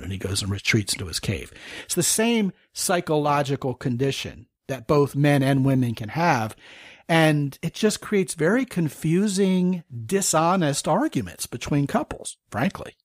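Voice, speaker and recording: A man's voice: on the high side, big pitch swings, moderate pace, no echo, clean studio sound. A man hosting a podcast interview, talking frankly and checking that he understands his guest. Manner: frank, probing, lays out examples and checks understanding. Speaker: podcast host.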